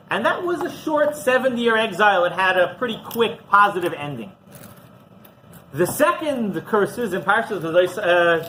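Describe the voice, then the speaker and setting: A man, a rabbi, teaching a class through an animated story and often checking in with the listeners. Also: high-pitched, a little hiss or hum, low-quality recording. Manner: animated storyteller who often asks "right?".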